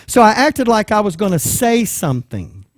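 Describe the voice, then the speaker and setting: Man, preacher, animated storytelling, fairly high voice, dry close sound. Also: normal speed, no echo. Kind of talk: sermon storytelling.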